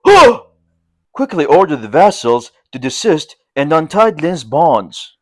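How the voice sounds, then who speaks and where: A man narrating a classic novel as an audiobook, in measured storytelling. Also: no room sound. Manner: measured storytelling, lively in pitch.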